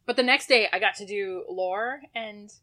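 A woman reporter tells stories in a relaxed podcast chat. Her voice is bright and lively, and she slips into little quoted exchanges as she goes. She sits at a middle pitch. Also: normal speed. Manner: chatty storyteller, acts out quoted exchanges. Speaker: entertainment press reporter.

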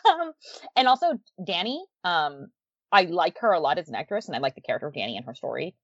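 Animated woman rambling about a show, laughs a lot, swoopy pitch, flat dry lo-fi sound. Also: fast, no room sound. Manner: chatty, laughing often, lots of fillers. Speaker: podcast co-host. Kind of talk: casual chat about a TV series.

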